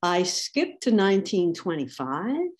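Slow-paced woman giving an academic lecture. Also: on the low side, sing-song, darkish tone. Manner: wry asides while quoting thinkers. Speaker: symposium speaker.

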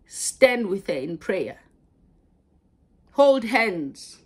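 A woman preaching a sermon, halting and repeating words as she goes. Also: mid-range voice, expressive, a little mellow, husky.

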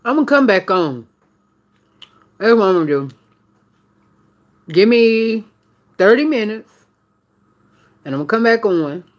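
Woman, live-stream vlogger, chatty, lively up-and-down pitch, unhurried. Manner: chatty, talks straight to viewers. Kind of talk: casual live-stream chat while eating.

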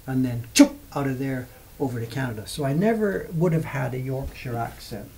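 A man's voice: mid-range voice, normal speed, vocal fry, a little mellow, a little hiss or hum, rough recording. A man in his seventies from England, chatting casually on a livestream, rambling through memories and answering viewer questions. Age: 70s. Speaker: livestream host. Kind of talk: casual storytelling chat.

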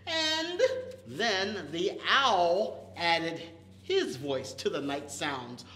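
Animated man reading a toddler story. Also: high-pitched, very slow, reverberant, slight background noise. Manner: animated, playful, makes animal and vehicle noises. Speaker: children's librarian. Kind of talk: toddler storytime with sound effects.

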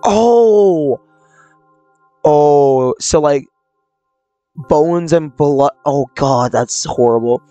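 A young man giving casual commentary on a horror game, blurting out reactions and nervous laughs, close to a loud new mic. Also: medium pitch, slow, clean tone, no echo, highs cut off. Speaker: gaming channel creator. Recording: dry close mic, faint game music.

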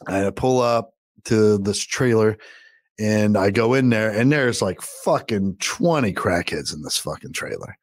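A man's voice: on the low side, lively intonation, unhurried, no room sound, studio quality. A middle-aged man, a podcast co-host, telling a long story in a casual, profane, rambling way.

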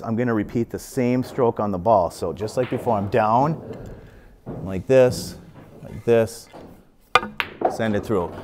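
A man in his fifties talks through a pool lesson in a relaxed, earnest voice that sits a little low. He circles back over his points and repeats short phrases while he shows a stroke, with a faint hum of noise in the background. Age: 50s. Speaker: pool instructor. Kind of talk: casual instructional talk. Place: billiard club.

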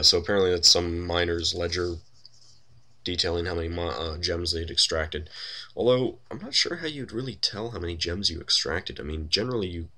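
A man's voice: low-pitched, sharp tone. A man giving wry, casual commentary while playing a computer role-playing game, thinking aloud with many fillers. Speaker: let's play host.

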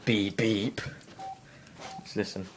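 A British teenage boy rambles through his house with a handheld camera, poking fun at himself in an offhand way. He talks slowly, and loud noise sits under the whole recording. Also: lowish voice, fairly even intonation. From Britain. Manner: rambling, self-mocking, offhand. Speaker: vlogger. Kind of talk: casual vlog. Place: at home, walking through the house.

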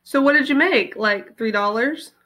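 Sharp suspicious little girl read by a woman, bright higher voice, storybook. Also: normal speed. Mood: pointed.

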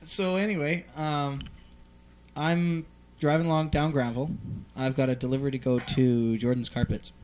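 A man's voice: a little high, steady tone, moderate pace, a little mellow. A man co-hosting a casual radio show, telling rambling stories and acting out the people in them. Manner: rambling storyteller, acts out characters. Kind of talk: casual studio banter.

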